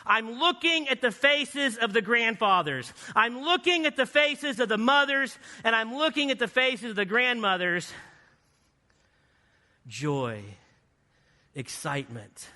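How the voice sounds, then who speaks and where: A man giving a guest sermon in a church, telling a lively story with playful asides. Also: extremely high pitch, moderate pace, hardly any pauses. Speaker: guest speaker. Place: church sanctuary. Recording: reverberant church hall.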